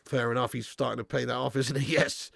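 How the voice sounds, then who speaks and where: A man hosting a live football watch-along, commentating excitedly and chatting casually with viewers in the comments. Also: mid-range voice, brisk, vocal fry, breathy edge, no echo, clean studio sound. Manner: excitable, jumps up at big moments. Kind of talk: live match commentary reading chat.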